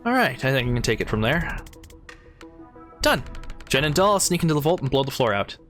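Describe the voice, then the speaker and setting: A man's voice: medium pitch, big pitch swings, fairly quick, a bit bright, soft background music. A man playing a video game, reading the dialogue aloud and breaking off for casual asides. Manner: reads lines aloud with chatty asides. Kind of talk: casual let's-play narration.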